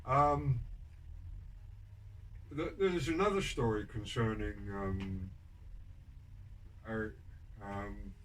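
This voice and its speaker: A man's voice: fairly low pitch, very slow, pauses often, a bit bright. Rambling older man, distant mic. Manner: rambling, many ums and restarts, dry wry humor. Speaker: podcast guest telling prison stories. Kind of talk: casual storytelling interview. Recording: distant mic with background noise.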